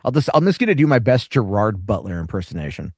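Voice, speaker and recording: A man's voice: lowish voice, sing-song, fast, slightly rough, no echo, clean studio sound. A man hosting a casual reaction show, talking in a profane, sarcastic, rambling way. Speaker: reaction streamer host.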